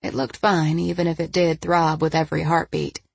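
Husky, low-pitched woman narrating an audiobook. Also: little pitch movement, normal speed, dry recording.

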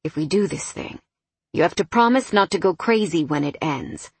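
Brief: woman playing a hushed, intense young man in an audiobook, lowered voice, husky. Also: animated, normal speed, no echo. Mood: intent. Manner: low and quiet.

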